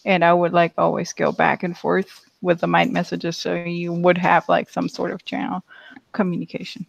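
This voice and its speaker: Gravelly, flat-voiced game player. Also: medium pitch, normal speed. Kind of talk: casual tabletop game chat.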